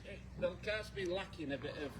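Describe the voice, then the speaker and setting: A man's voice: high voice, fast. A man, a farm worker chatting casually outdoors, modest and reluctant under teasing. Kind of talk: casual chat.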